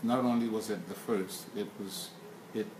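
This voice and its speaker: An older man with a Bahamian accent, a guest singer talking in a casual interview and often halting and repeating words. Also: fairly low pitch, fairly even intonation, a little mellow. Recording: echoey room with clear noise.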